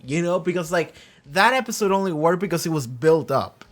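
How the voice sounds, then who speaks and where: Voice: mid-range voice, lively intonation, fast, a bit bright. Casual episode chat, reaction host, rambling, lots of filler, swears, acts out lines in bursts. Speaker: anime reaction channel host.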